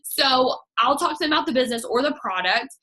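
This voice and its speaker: A woman's voice: sits high, lively intonation, fast, bright, forceful tone. A young woman giving casual coaching on sales messaging, chatty and upbeat with lots of "like.". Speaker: direct sales team leader.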